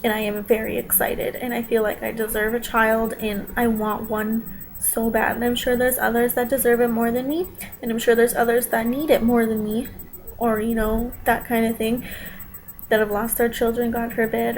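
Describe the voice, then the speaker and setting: A woman's voice: on the high side, level tone, moderate pace, a little hiss or hum, low-quality recording. A young woman vlogging from home, talking straight to her viewers in a defensive, emotional rant, close to tears at times. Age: young adult.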